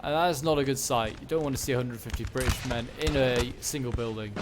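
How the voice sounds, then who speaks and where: A fast-talking man with a medium-pitched voice casually commentates a video game battle, thinking aloud with plenty of fillers and self-corrections. Loud in-game gunfire and battle sounds run under his voice, leaving the background noisy.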